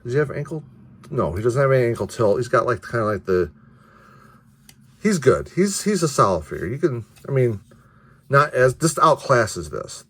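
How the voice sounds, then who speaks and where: A man's voice: medium pitch, big pitch swings, normal speed, a bit bright, breathy edge. A man casually reviewing action figures, rambling with many restarts and the odd curse. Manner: offhand, mildly profane. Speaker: toy reviewer.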